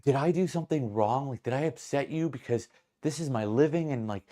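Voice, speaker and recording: A man's voice: medium pitch, moderate pace, creaky, darkish tone, pitched above the performer's own voice. A man voicing a young woman bartender who pleads and stammers, a bully putting on a sweet server manner. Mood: pleading.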